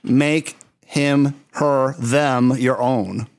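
A man's voice: mid-range voice, fairly even intonation, extremely slow, smooth. A man hosting an interview, chatting in an effusive, talkative way. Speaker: podcast host. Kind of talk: casual interview chat.

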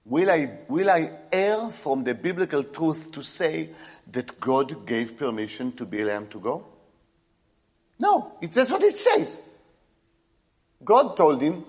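A male preacher giving an emphatic sermon, swinging between loud exclamations and quiet asides. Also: on the high side, huge pitch swings, slow, husky, big-room sound.

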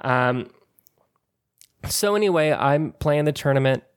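A man's voice: fairly high pitch, animated, unhurried, clean tone. A man on a podcast, chatting casually and telling a long story, laughing often and acting out what people said. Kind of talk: casual chat.

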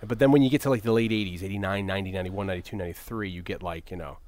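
A man's voice: sits low, steady tone, racing, a little mellow, no echo. A man co-hosting a podcast in casual chat, rambling and joking. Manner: rambling, jokey, trails off. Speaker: podcast co-host.

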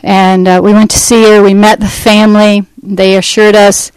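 A middle-aged woman telling her personal testimony in an earnest, conversational way, pausing and restarting as she goes. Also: medium pitch, flat delivery, a little mellow, clear, resonant tone, dry recording, rough recording. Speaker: speaker giving a testimony.

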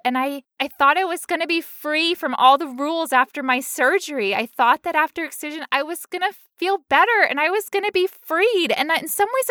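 A woman's voice: high-pitched, bright, forceful tone, dry recording, clean studio sound. A young woman co-hosting a podcast, talking candidly and emotionally, with frequent laughs. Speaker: podcast co-host. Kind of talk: personal, emotional podcast talk.

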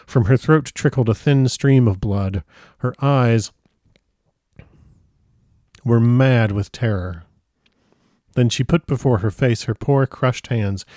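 A man reading a novel aloud in an unhurried, dramatic manner. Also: medium pitch, darkish tone, no echo, studio quality. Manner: unhurried dramatic reading, stumbles and comments aside. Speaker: audiobook reader.

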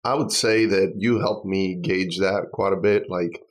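A man's voice: low voice, fairly even intonation, a little slow. A man who sings in worship, a podcast guest speaking in an earnest, heartfelt, rambling way. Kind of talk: casual chat.

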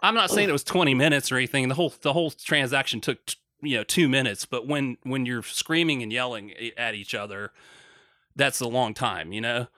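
A man telling a profane story in casual chat, with loud reenacted shouting. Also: mid-range voice, a little fast, no echo, clean studio sound. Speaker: podcast co-host.

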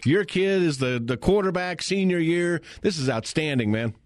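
A man's voice: a little high, lively intonation, moderate pace, no echo. A man hosting live sports radio, chatty and enthusiastic, with many fillers. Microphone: studio microphone.

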